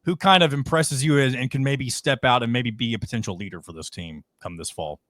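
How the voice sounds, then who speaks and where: A man's voice: medium pitch, a little fast, a bit bright, no room sound, clean studio sound. A man hosting a sports podcast, setting up topics and asking questions in casual chat. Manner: leads with questions, sets up topics. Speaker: podcast host.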